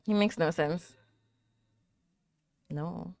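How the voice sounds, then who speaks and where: A young woman casually commenting on a show as she watches, chatty and quick to exclaim and talk back at the screen. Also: lowish voice, vocal fry, darkish tone, dry recording. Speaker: anime reaction host.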